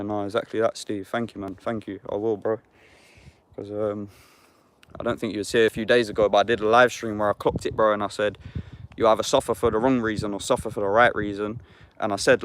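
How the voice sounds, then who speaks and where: A man's voice: medium pitch, a bit bright, no room sound. A young adult man with an English accent, chatting casually and slangily on a livestream, swearing and answering chat comments.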